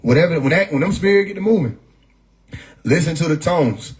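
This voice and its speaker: A man's voice: on the high side, expressive, brisk, background noise. A man talking casually on a livestream, laid-back and profane, often laughing as he talks. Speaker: livestream host. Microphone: phone mic.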